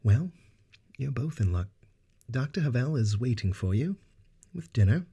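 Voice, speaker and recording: A man voicing a good-natured male doctor with an accent, speaking gently and warmly. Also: medium pitch, big pitch swings, a little slow, breathy edge, pitched above the performer's own voice, heavily acted. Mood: gentle.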